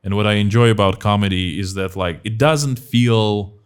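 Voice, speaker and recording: A young man with a Russian accent hosting a casual podcast chat, talking in halting bursts with many restarts. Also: fairly low pitch, clean tone. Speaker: podcast host.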